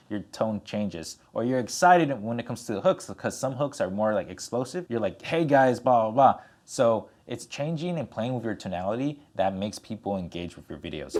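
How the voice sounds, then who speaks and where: A young man speaks straight to the camera as a coach, his voice sitting a little low. He stays energetic throughout, punching key words and moving his hands as he talks. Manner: energetic, gestures with hands while talking; animated, plays with his tone for emphasis. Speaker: content coach. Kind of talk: direct-to-camera tutorial.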